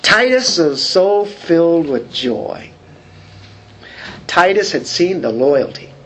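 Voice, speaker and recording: A man's voice: fairly high pitch, lively intonation, slow, fairly bright tone, a little hiss or hum. A man preaching a sermon, talking conversationally and asking the congregation questions. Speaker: pastor.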